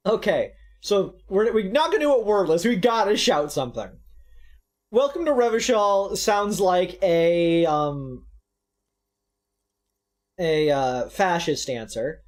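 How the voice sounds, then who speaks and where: Animated sarcastic streamer voice. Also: mid-range voice, slow. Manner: animated, sarcastic, swearing, rambling. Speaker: streamer playing a game. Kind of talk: casual let's-play commentary.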